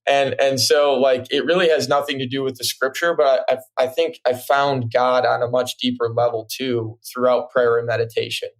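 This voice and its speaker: A man's voice: mid-range voice, level tone, normal speed, hardly any pauses. Hesitant, reflective male podcast guest. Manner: hesitant, reflective, many fillers like "like" and "right?". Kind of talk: casual chat.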